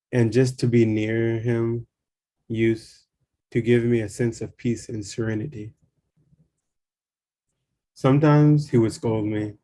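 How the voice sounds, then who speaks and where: A man reading a spiritual memoir aloud in a calm, measured way. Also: mid-range voice. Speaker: reader.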